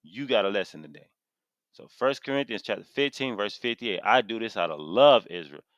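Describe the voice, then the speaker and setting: A man's voice: lowish voice, animated, fairly quick, a bit bright, dry recording, dull audio. Fired-up preaching man, dry close sound. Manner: impassioned, preachy, reads verses aloud then repeats them with emphasis. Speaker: street preacher teaching scripture. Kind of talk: fiery scripture sermon to camera. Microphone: camera mic.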